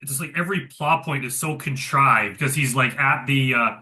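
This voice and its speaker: A man's voice: medium pitch, normal speed, bright, forceful tone. A man co-hosting a casual movie review chat, rambling with lots of filler words. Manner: rambling, heavy use of "like" fillers.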